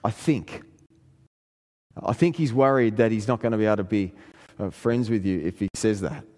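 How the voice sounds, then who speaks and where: A man preaching a sermon, telling a family story in an earnest way and rising in pitch when he presses a point. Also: normal speed, darkish tone. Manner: earnest storytelling, pitch climbing in emphatic passages. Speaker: pastor. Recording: long hall reverb.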